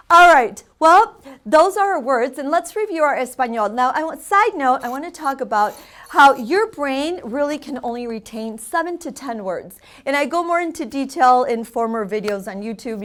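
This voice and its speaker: A woman hosting a community TV lesson, chatting casually and drilling vocabulary with loud, repeated prompts. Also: high voice. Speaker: Spanish teacher and show host. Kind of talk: casual teaching on a community TV show.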